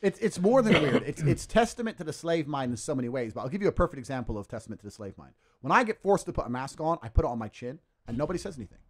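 Give me a man ranting emphatically on a podcast, quick, with lively pitch. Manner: forceful, profane and emphatic. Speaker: podcast guest. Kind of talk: ranting casual talk.

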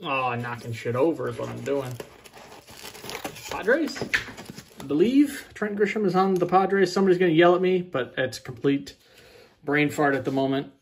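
A man's voice: on the high side, normal speed, long pauses, noisy background. A man opening packs of baseball cards, rattling off player names with joking asides in a casual chat. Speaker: card breaker.

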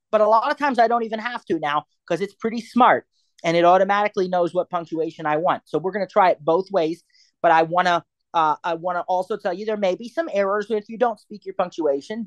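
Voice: mid-range voice, no room sound. An instructor teaching a live class, chatty and digressive, thinking aloud with lots of ums and uhs. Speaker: assistive technology instructor.

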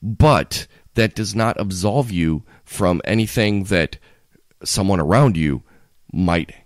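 A man's voice: sits low, slow, dry recording, clean studio sound. A man co-hosting a podcast, rambling in casual chat with many restarts. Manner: rambling, restarts often, animated. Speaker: podcast co-host.

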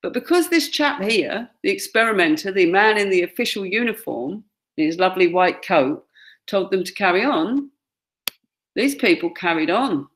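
A woman's voice: mid-range voice, lively intonation, moderate pace. A woman gives a classroom lecture, pointing out pictures and acting out quoted lines. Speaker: teacher.

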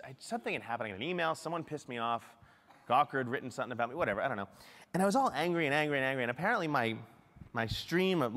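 A middle-aged man giving a lively, self-deprecating keynote talk at a conference. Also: mid-range voice, in a large hall. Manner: animated, self-deprecating storytelling. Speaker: keynote speaker. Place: large conference hall.

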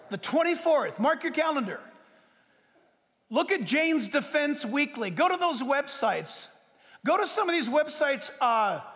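Emphatic high-pitched male pastor preaching. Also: fairly bright tone. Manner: emphatic preacher with sudden pitch jumps and drawn-out words. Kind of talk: sermon. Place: church sanctuary. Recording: reverberant hall.

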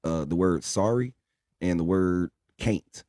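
A young man with a deep, low voice chats on a late-night live stream. He talks bluntly and profanely, preaching at his viewers. His voice sounds dark and close, with no room around it. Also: slow pace, no room sound. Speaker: livestream co-host. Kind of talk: casual live stream chat.

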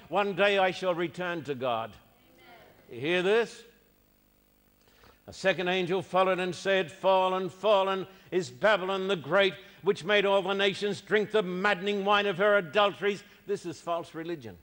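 A man's voice: high-pitched, fairly bright tone, big-room sound. A man preaching a sermon, emphatic and repeating his key phrases.

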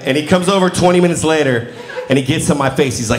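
A man's voice: mid-range voice, fast talker. A man in his forties doing a stand-up comedy set, telling self-mocking stories and acting out the dialogue. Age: 40s. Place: comedy club stage before a live audience. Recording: roomy live venue with crowd noise.

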